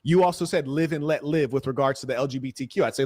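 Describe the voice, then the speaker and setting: A man arguing forcefully in a livestream debate, mocking the views he opposes. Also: mid-range voice, fast. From California-educated; black American. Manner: combative, mocking imitations.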